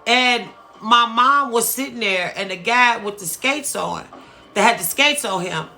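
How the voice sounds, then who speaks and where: Slow, bright-voiced woman telling a story. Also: on the high side, lively intonation, faint music behind. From Dayton, Ohio, US. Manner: emotional, repeats phrases, slow and earnest. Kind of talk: personal storytime monologue.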